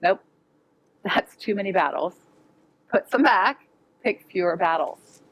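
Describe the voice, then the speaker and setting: A woman's voice: fairly low pitch, animated, a little slow, fairly bright tone, rough recording. A middle-aged woman educator giving a conference talk to parents, plain and direct in a chatty way. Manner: direct, conversational, uses fillers like "like". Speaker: educator presenter. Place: conference hall.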